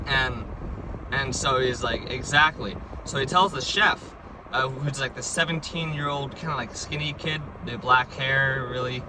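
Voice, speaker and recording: A man casually telling a dream, rambling and filling his talk with like and right?. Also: mid-range voice. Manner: rambling, full of likes and right?s. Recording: distant mic, loud background noise.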